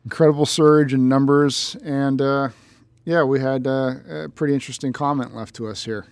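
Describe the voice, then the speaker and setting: A man's voice: medium pitch, fairly even intonation, normal speed, a little mellow, no room sound. A man co-hosting a podcast in casual banter, blunt and grumpy, swearing often. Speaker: podcast co-host.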